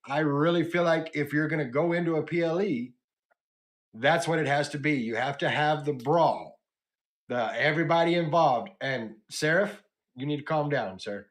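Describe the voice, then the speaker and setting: A man with a somewhat raised, bright-sitting pitch hosts a relaxed wrestling podcast. He recaps matches in an animated, play-by-play way, tossing to his co-hosts between beats. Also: normal speed. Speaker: podcast host. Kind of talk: casual wrestling recap chat.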